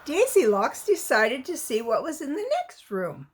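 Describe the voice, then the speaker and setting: Woman storyteller, high and slow, reads aloud to small children. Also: big pitch swings, husky. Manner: slow, lilting, asks the young listener questions.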